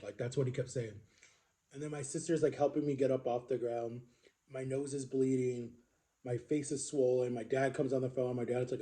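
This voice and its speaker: A man telling a personal story to camera in an earnest, halting way, with frequent fillers. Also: medium pitch, steady tone, warm tone. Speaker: vlogger.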